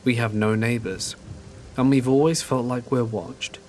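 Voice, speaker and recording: A man reads horror stories aloud in a calm, measured way, with a voice of ordinary pitch for a man. Soft, steady rain sits faintly in the background. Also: slight background noise. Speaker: horror story narrator. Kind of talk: scripted first-person horror narration. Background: steady rain sounds.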